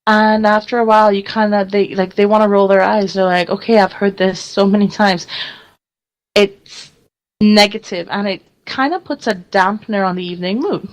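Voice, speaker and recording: A lively woman radio host talking in a casual, chatty way. She acts out quoted exchanges as she goes and laughs often. Her voice sits at a middle pitch for a woman. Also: moderate pace, poor audio.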